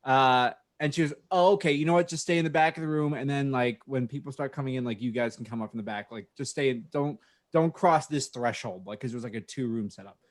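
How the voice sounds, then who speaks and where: A man's voice: mid-range voice, fast talker. A man co-hosting a casual podcast, telling a story in a heated, profane way. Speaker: podcast co-host.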